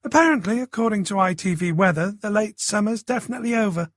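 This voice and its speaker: A man's voice: high voice, fast talker, dry recording, pitched above the performer's own voice. A man reading an audiobook voices a young woman who teases her friend with dry humour. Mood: wry. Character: friendly teasing young woman, dog walker.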